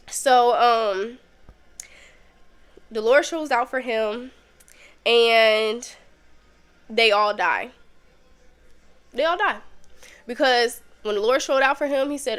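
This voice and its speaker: A woman hosting a podcast, teaching a Bible lesson in a casual, conversational way with lively storytelling. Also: fairly high pitch, unhurried, long pauses.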